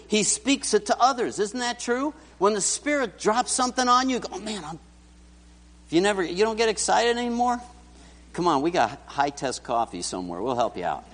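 A man preaching a sermon and often putting questions straight to his congregation. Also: on the high side. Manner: animated, talks directly to the congregation. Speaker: pastor. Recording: church hall reverb.

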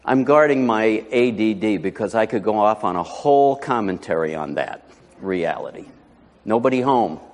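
A man's voice: lowish voice, expressive, moderate pace. A man preaching a sermon as pastor, telling a folksy story with asides before rising to emphatic preaching. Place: church sanctuary. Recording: long hall reverb.

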